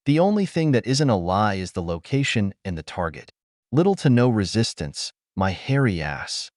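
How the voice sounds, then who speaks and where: A man's voice: lowish voice, big pitch swings, moderate pace, no echo, studio quality. A man voicing a battle-worn male soldier who talks in a blunt, bitter, growling way. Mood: gruff. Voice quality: gruff, growling.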